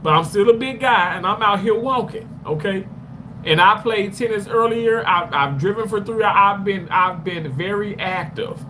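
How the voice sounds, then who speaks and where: Out walking near a road, a man streams live and answers viewer comments one by one, rambling and out of breath. His high voice is bright and forceful at a moderate pace, over street noise and passing traffic.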